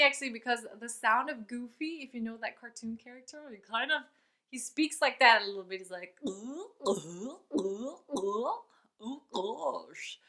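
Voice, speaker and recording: Upbeat woman singing coach, bright and fairly high voice, chats through the lesson. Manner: upbeat and chatty, breaks off to demonstrate sounds. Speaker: vocal coach.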